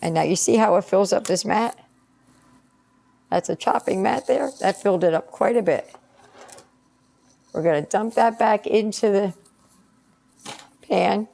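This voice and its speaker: Speaking at a measured pace with long pauses, a middle-aged home cook narrates each step of her casual cooking vlog. Her medium-pitched voice is creaky and dark-toned, slightly scratchy from allergies. A pan sizzles in her home kitchen.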